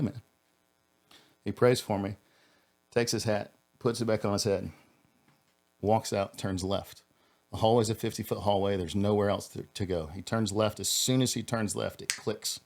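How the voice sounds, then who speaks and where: Here a former cop on a podcast recounts his own story in a very deep, low register. Earnest and halting, he keeps tripping over and restarting phrases, his voice sinking softer and lower whenever the subject turns heavy.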